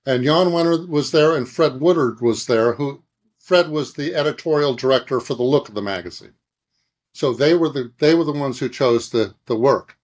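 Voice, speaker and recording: A middle-aged advertising creative director, speaking at medium pitch and normal speed, appears as a guest in a conversation. He tells an anecdote animatedly, slipping into other people's voices and acting out sound effects.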